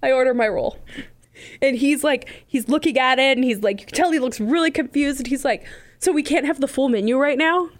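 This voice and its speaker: A woman's voice: high-pitched, fairly quick. A woman co-hosting a casual chat, retelling events with exasperation and laughing easily.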